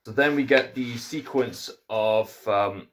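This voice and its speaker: A man's voice: medium pitch, slow pace, slight background noise. A man with a Scottish accent giving a casual film review, musing and hesitant, with frequent fillers.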